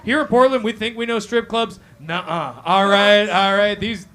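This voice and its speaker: A man hosting a comedic true-crime show before a live café crowd, loud and animated, swearing and asking "all right?" again and again. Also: high-pitched, moderate pace. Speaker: host.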